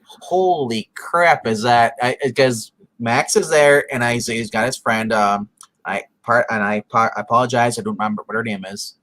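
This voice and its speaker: A man co-hosting a casual review show, retelling scenes in an animated way and briefly doing the characters' voices. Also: mid-range voice, moderate pace. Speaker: podcast co-host.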